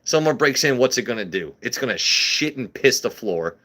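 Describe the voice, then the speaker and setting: A man's voice: medium pitch, lively intonation, moderate pace, pushed and bright. A young man hosting a casual whiskey livestream, joking crudely and answering his chat as he pours.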